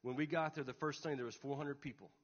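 Young pastor, earnest storyteller, slightly high voice, dull recording with long hall echo. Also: male voice, fairly even intonation, fast. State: tearful. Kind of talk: sermon.

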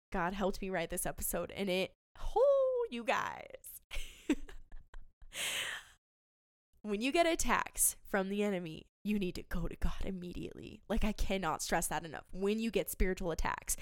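A young woman hosts a faith podcast, speaking earnestly and emotionally, often stopping to restart her sentences. Her voice is smooth and clear, and it sits dry and close with no room sound around it. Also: medium pitch, no room sound. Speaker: podcast host.

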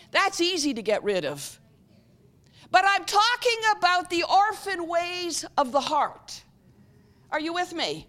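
A woman preaching a sermon as a guest speaker. She keeps asking the audience whether they are with her and often clears her throat. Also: very high voice, sharp tone. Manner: engaging, repeatedly checks with the audience.

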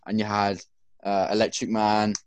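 A man's voice: on the low side, monotone, normal speed, clear, resonant tone, no echo. Sleepy young man chatting. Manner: laid-back, sweary, drowsy. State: yawning, sleepy. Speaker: podcast co-host. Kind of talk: casual chat.

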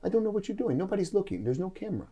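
A man doing a gentle, puzzled big fighter. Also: high-pitched, big pitch swings, very fast, slightly rough, voice pushed up, exaggerated voice. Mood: puzzled calm.

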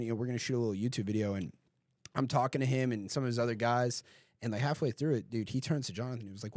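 A man hosting a casual podcast, telling stories fast and swearing a lot. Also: medium pitch, dry recording, studio quality. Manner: fast, profane, animated storytelling. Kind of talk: casual chat.

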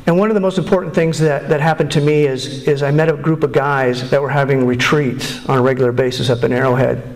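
A middle-aged man giving candid personal testimony as a speaker at a recovery meeting, earnest and halting, often restarting his sentences. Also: medium pitch. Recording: echoey room.

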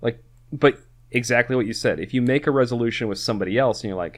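A male podcast co-host with a medium-pitched voice talks fast in casual chat. He rambles, restarting often and filling gaps with filler words.

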